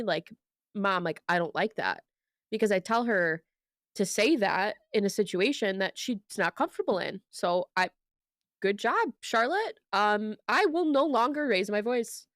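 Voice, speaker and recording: A woman's voice: medium pitch, expressive, moderate pace, dry recording, studio quality. A young mother co-hosting a podcast, talking candidly and earnestly about parenting. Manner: candid and earnest, with frequent restarts. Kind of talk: casual chat.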